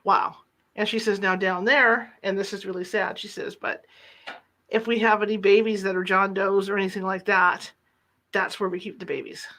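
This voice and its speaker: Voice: medium pitch, little pitch movement, moderate pace, pushed and bright. A podcast host casually telling a personal story from reporting days, acting out the dialogue in quotes. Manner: chatty, retells dialogue in quotes. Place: lives in the Sacramento area.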